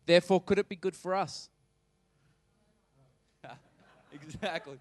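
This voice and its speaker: A man's voice: high voice, takes it slowly. Conversational, emphatic male pastor. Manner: conversational, emphatic, asks the congregation questions. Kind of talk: sermon.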